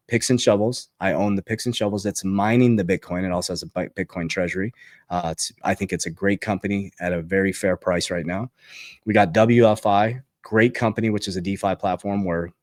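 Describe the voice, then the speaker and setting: An energetic man with a fairly low voice delivers a motivational talk on money. He punches his points and repeats them for emphasis. The sound is dry and close, with no room around it. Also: no echo. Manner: emphatic, repeats key phrases, fired up. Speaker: finance coach. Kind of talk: motivational finance monologue.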